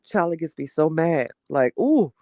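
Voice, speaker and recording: A woman hosting a casual morning livestream, chatting with her viewers and reading their messages. She gets heated and animated fast and laughs between her rants. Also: sits low, dry recording, studio quality. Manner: chatty, talks straight to the audience.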